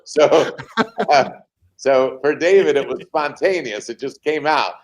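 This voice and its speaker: Animated storytelling man, remote call. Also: medium pitch. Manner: animated anecdotes with frequent pauses and fillers. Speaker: baseball team president, guest. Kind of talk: interview storytelling.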